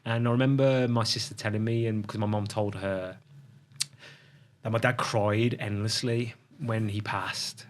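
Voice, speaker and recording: Middle-aged male guest, low-pitched, halting storyteller. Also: fairly even intonation. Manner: reflective, halting, with restarts and pauses. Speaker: podcast guest. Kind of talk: emotional personal storytelling.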